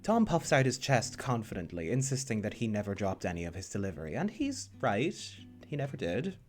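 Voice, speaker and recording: A man narrating a visual novel in the second person, steady with playful asides. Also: fairly low pitch, a little fast, soft background music.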